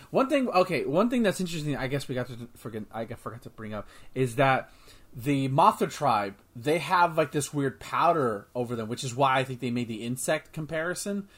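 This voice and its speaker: Podcast host, male, mid-pitched, rambling and excitable, swears casually. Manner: rambling, excitable, swears freely, many restarts. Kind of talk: casual movie review chat.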